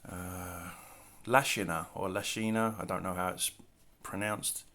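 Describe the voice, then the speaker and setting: A middle-aged man casually showing his artwork on camera, talking in a relaxed, rambling way with self-deprecating asides. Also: deep voice, unhurried. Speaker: artist showing his work. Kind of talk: casual show-and-tell narration. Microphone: camera mic, handling artwork.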